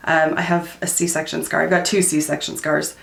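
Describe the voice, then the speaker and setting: A woman's voice: low-pitched, little pitch movement, normal speed, creaky, roomy sound. A woman in her thirties chatting candidly while doing her makeup for a vlog, full of "um" and "like". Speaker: beauty vlogger.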